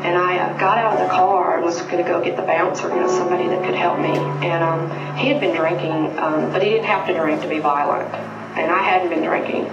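A woman's voice: fairly low pitch, steady tone, gravelly, muffled recording. Earnest woman in a distant echoey clip. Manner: earnest, halting, many fillers. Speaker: abuse survivor giving testimony. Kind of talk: personal testimony. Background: loud music bed.

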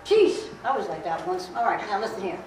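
Middle-aged lady lecturing a class, blunt, lively up and down voice, recorded far off in a big echoey room. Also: medium pitch, brisk, a little hiss or hum. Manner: blunt, streetwise, repeats herself. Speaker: guest speaker on safety. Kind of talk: classroom talk with demonstration.

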